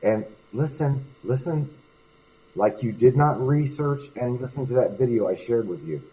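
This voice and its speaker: A man's voice: mid-range voice, animated, normal speed, dark tone, husky, lo-fi sound. A man in a heated voice-chat debate, exasperated and cutting in repeatedly. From United States. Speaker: voice chat participant. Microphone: computer mic in voice chat.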